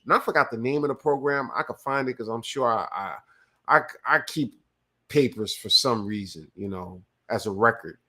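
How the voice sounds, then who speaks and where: A male livestream host from California talks in a relaxed, profane way. He rambles through stories with restarts and reads viewers' chat messages aloud before answering them. His voice sits at an ordinary middle pitch. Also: normal speed. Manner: profane, loose storytelling with restarts. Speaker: live show host. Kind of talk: casual livestream commentary.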